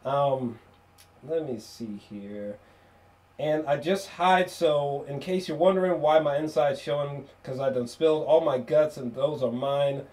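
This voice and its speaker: A man casually reviewing an album on video, excitable and profane, laughing often and restarting his sentences. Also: a little high, measured pace.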